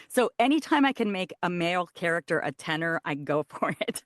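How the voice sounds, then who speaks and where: Woman, audiobook narrator, interview guest, animated, lowish voice, dry close sound. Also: a little fast, few pauses, no echo. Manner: animated, shows voice placement while explaining. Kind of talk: casual interview talk.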